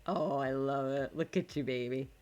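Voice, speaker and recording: A woman's voice: a bass voice, normal speed, a little mellow, soft background music. A woman streaming live, chatting casually to her viewers and to the game while she builds, swearing when it frustrates her.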